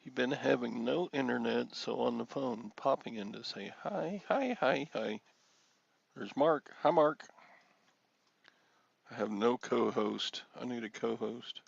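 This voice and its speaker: A man's voice: medium pitch, unhurried, creaky, breathy edge, dry recording, highs cut off. A man hosting a casual solo livestream, rambling and self-deprecating as he greets viewers by name. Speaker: livestream host.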